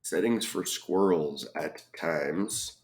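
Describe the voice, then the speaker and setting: A man solving a crossword puzzle aloud, reading clues and thinking out loud with frequent ums and muttered asides. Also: a bass voice, takes it slowly. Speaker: crossword reviewer.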